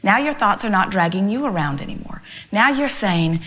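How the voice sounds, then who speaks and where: A woman's voice: medium pitch, lively intonation, normal speed, a bit bright. An older woman giving an emphatic inspirational talk to a live audience, speaking as "we" and building her points through repetition. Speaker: spiritual speaker addressing an audience.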